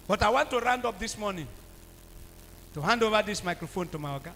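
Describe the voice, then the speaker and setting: A Nigerian man preaching a sermon, calling out for the congregation to answer and swinging from low talk to shouts. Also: expressive, brisk, long pauses. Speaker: pastor. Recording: reverberant hall with faint hum.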